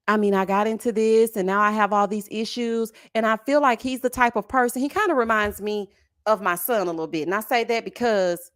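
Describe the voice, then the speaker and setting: A middle-aged woman runs her reality-show commentary with sass and theatrical flair. Her fairly high voice swoops up and down in lively, animated arcs. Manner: sassy, dramatic, laughing, calls viewers honey and child. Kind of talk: casual reaction commentary reading viewer comments.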